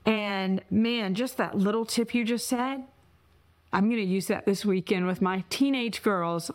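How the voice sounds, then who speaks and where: A woman hosts a podcast in an animated, heartfelt conversational way. She tells stories with feeling, and her voice sits at a middle pitch for a woman. She speaks into a podcast mic. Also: a little slow. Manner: animated, emotional storytelling. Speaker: podcast host. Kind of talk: conversational interview.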